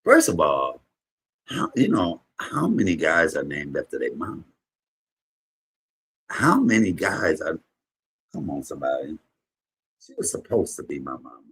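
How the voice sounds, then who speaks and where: A man in his fifties, a comedian streaming a casual chat and telling emotional, rambling stories with sudden loud bursts. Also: rumbling low, sing-song, a little slow, long pauses, slightly rough. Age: 50s. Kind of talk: casual livestream chat and storytelling.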